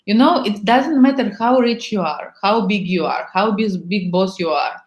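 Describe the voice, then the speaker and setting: A Bulgarian-born woman hosts a workshop in broken English, keeping the chat casual, frank and playful while acting out little scenes. Her voice is mid-range at normal speed, and the room sounds echoey.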